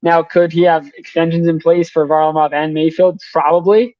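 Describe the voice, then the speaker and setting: A young man, a hockey reporter, rattling off names and contract figures in quick sports analysis. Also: a little high, steady tone, darkish tone, dry recording, muffled recording. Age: young adult. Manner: rapid, rattles off names and numbers.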